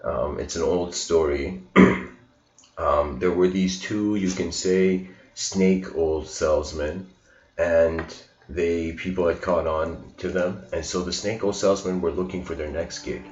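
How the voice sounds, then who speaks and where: A man with a low, slightly mellow voice speaks at a measured pace with fairly even intonation. A spiritual lecturer, he delivers his talk as a loose, chatty story, laughing often and using fillers, in a dull, roomy recording with music behind.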